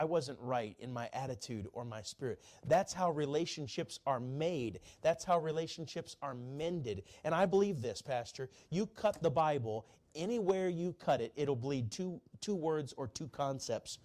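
Fervent man preaching a sermon. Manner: fervent, climbs to high shouting peaks; slows right down for repeated key lines.

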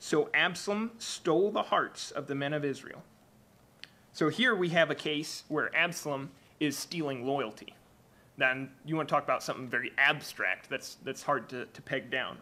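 Guy preaching a sermon, bright tense voice, lots of ums and restarts. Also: a little high, normal speed. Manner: hesitant, many fillers and restarts. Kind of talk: church sermon with Bible reading.

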